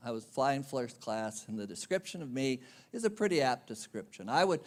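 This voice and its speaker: At a conference venue, a man gives a speech telling a humorous, self-deprecating travel story. His medium-pitched voice moves at a moderate pace with big pitch swings.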